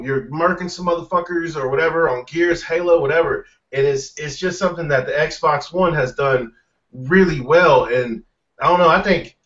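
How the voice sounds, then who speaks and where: A man's voice: fairly high pitch, a bit bright. A man chatting casually on a podcast, telling stories in a laid-back, profane way. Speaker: podcast panelist. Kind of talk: casual chat. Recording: distant, dull lo-fi sound.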